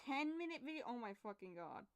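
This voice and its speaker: A woman's voice: high-pitched, very animated, quick pace, smooth, no room sound. A young woman digital artist, muttering and swearing in exasperation to herself as she works. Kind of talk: frustrated casual talk while drawing.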